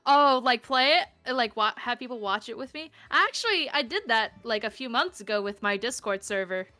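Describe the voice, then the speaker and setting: A woman's voice: fairly high pitch, expressive, moderate pace, pushed and bright, no echo. A woman guest on a streamed talk show, chatty and rambling, swearing casually and laughing a lot. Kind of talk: casual streamed interview chat.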